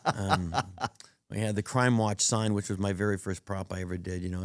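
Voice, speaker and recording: A man's voice: sits low, fairly even intonation, moderate pace, no room sound. A male prop comedian chatting as a guest, telling rambling stories with many restarts and acting out the voices of the people in them. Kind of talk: casual storytelling interview.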